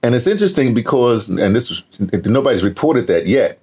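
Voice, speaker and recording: A man's voice: mid-range voice, sing-song, a little fast, a little mellow, slightly rough. An older man, talking casually in a morning vlog, rambling with many fillers and restarts. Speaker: vlogger. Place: home, indoors.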